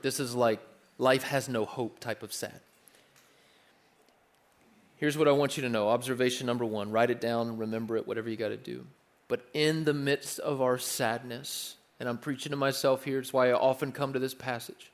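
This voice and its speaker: A man's voice: mid-range voice, normal speed. A young adult man preaching a sermon in an earnest, conversational way, repeating his key phrases and restarting his sentences. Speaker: pastor.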